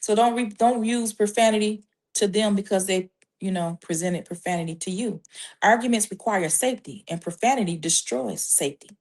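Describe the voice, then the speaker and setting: A woman speaking as a Christian life coach, giving faith-based parenting advice in a measured, emphatic way and laying out numbered steps backed by scripture. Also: mid-range voice, a little mellow.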